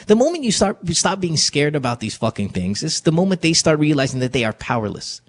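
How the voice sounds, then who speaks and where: A man's voice: a little high, fast, few pauses, slight background noise. Blunt, profane male radio host. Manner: blunt, profane, animated storytelling. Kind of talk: casual radio talk.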